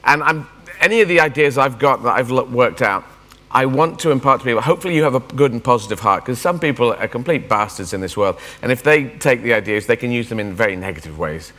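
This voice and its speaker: A comedian in his fifties riffs through a keynote speech, animated and self-mocking as he jumps between thoughts. His voice is bright and forceful, and a long reverb from a large conference hall hangs behind it. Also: medium pitch, fast talker. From England. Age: 50s. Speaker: guest speaker.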